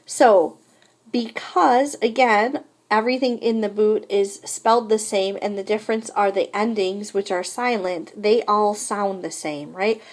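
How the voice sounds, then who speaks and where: A woman teaching French in a recorded lesson, explaining verb endings patiently and modeling each conjugation aloud. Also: medium pitch.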